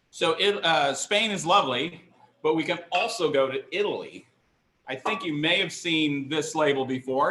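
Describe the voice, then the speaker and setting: Middle-aged guy running an online wine class from his kitchen, chatty and excited, echoey room. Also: on the high side. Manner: chatty, enthusiastic, self-deprecating. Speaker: wine instructor. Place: kitchen counter, indoors.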